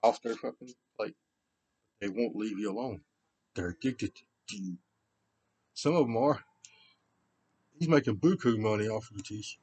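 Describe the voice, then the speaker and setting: A man talking unscripted to himself and others, rambling, drifting from low muttering to repeated loud shouts. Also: moderate pace, pauses often, no room sound, poor audio.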